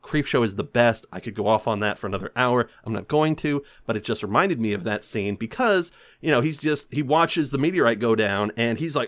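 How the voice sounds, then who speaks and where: A man hosting a casual, rambling movie recap, animated and often jumping into silly voices. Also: medium pitch, brisk. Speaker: podcast host.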